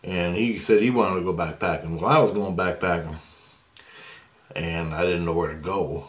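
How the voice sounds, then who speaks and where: Middle-aged man, very low voice, casual rambling storyteller, slangy and profane. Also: moderate pace. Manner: rambling, chatty, peppered with slang and swearing. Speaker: storyteller recounting a past experience.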